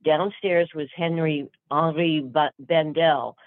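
Older woman, animated storyteller full of restarts, tinny phone-like audio. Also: sits low, takes it slowly, no room sound. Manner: lively, chatty, full of fillers and restarts. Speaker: actress guest. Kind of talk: storytelling interview answers.

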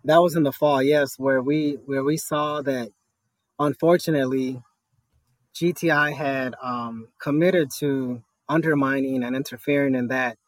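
A man's voice: medium pitch, fairly even intonation, a little slow, no room sound. A man, telling his story as an interview guest, earnest and often adding "right?". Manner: earnest, with many fillers and tag "right?". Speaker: guest, cannabis store worker organizing a union. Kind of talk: conversational interview.

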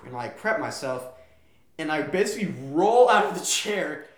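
A young man co-hosting a podcast, telling a story in casual chat and acting out quotes with sudden loud yelps. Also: fairly high pitch, big pitch swings, normal speed. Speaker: podcast co-host. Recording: echoey room.

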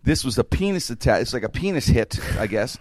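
A man's voice: medium pitch, big pitch swings, a little fast, darkish tone. A man hosting a podcast, telling stories in rambling casual banter full of restarts and chuckles. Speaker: podcast host.

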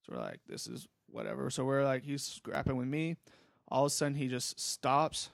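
A young man tells a rambling story in a relaxed, profane way. His voice has a gravelly edge, and the sound is dry and close. He keeps it casual and easygoing throughout. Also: medium pitch, moderate pace, dry recording. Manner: laid-back, rambling, profane. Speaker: podcast host.

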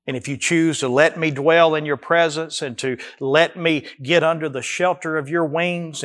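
A man preaches a sermon with a fairly high voice. His delivery swings between emphatic rises and slow, drawn-out phrases as he prays the text aloud to his congregation. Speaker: pastor.

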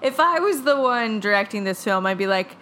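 A woman's voice: a little high, lively intonation, fairly quick, a bit bright, slight background noise. A young woman co-hosting a movie commentary, chatting casually, playful and teasing with frequent giggles. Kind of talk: casual joking chat.

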